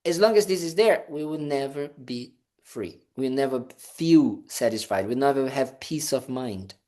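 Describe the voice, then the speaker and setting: A man's voice: mid-range voice, expressive, normal speed, warm tone. A man, a Buddhist monk, giving a casual dharma talk, conversational and playful, with many fillers and restarts. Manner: conversational, full of "you know" fillers and restarts; playful, acts out little scenes with "da, da, da".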